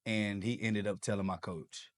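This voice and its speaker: As a guest on a podcast, this man tells his personal story with lots of energy, acting out the people in it and performing their quoted lines. His voice is fairly low, and his pace is moderate.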